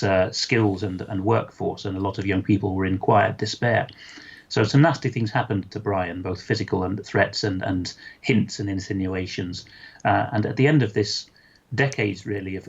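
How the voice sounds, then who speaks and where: Low gravelly guy explaining stuff in an interview, lo-fi dull sound. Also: a little mellow. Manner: articulate, measured, hesitant with fillers. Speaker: interview guest. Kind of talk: conversational interview.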